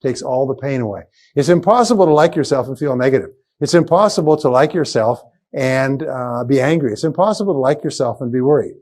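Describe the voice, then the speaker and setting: A man's voice: mid-range voice, lively intonation, fairly quick, few pauses, a little mellow. A man giving a live seminar lecture as a motivational speaker, emphatic and repetitive as he drills key phrases home. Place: seminar room with a live audience.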